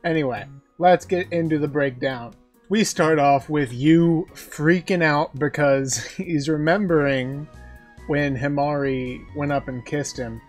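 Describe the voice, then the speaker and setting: A man giving a casual anime episode recap, talking like an excited fan, chuckling often and acting out quotes. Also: on the high side, measured pace, soft background music. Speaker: anime reviewer.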